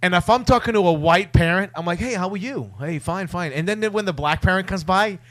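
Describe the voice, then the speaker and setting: A man's voice: sits high, brisk, no room sound. A man telling stories in casual, crude banter as a podcast co-host, often mimicking other people's voices. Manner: animated storyteller, mimics voices.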